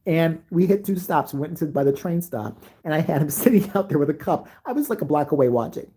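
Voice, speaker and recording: Husky guy swearing and laughing thru childhood stories, kinda dark mellow voice. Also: on the high side, expressive, a little fast. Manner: profane, laughing, loose. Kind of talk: casual storytelling.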